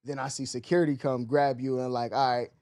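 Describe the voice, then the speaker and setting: A man's voice: medium pitch, flat delivery, brisk, darkish tone. A man from the East Coast of the US in casual podcast chat, laid-back and full of slang.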